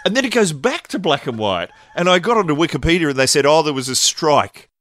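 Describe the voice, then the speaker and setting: A man on a podcast as guest, chatting casually and telling stories with quick impressions. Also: a little high, no room sound. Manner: animated storytelling, mimics voices. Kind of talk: casual chat.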